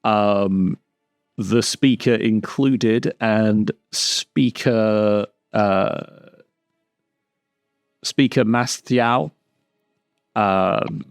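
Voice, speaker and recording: A man narrating a tabletop game as dungeon master on a live stream, in an unhurried way with pauses. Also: fairly low pitch, vocal fry, smooth, dry recording, clean studio sound, faint music behind.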